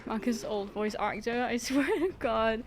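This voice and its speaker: A woman streams a game and chats casually, joking and laughing often while she grows tired from playing on a dance pad. Her voice is on the high side and a little slow, with a bit of hiss or hum in the audio.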